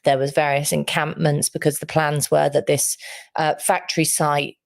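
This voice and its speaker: Low-voiced woman commentator. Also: level tone, moderate pace, gravelly, no room sound, clean studio sound. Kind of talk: news interview.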